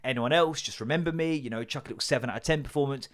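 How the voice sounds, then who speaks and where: A man in his thirties hosts a casual solo podcast, racing along at medium pitch. His storytelling is sweary and jokey, and he slips into mock voices.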